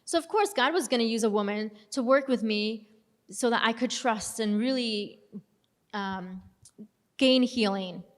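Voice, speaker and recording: A woman's voice: fairly high pitch, measured pace. A young adult woman giving an earnest personal faith testimony in a conversational storytelling manner. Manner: earnest, conversational, reenacts dialogue. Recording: long hall reverb.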